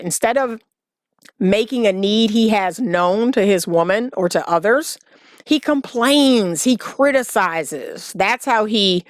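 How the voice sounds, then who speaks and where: A woman's voice: fairly high pitch, no echo, clean studio sound. Emphatic woman relationship coach. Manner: emphatic, animated, repeats key words for emphasis. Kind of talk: direct-to-camera advice talk.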